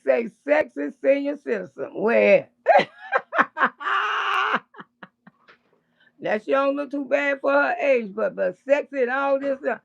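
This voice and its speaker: A woman doing casual livestream commentary, blunt and profane, with loud bursts of laughter. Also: high-pitched, normal speed, creaky, hardly any pauses, highs cut off.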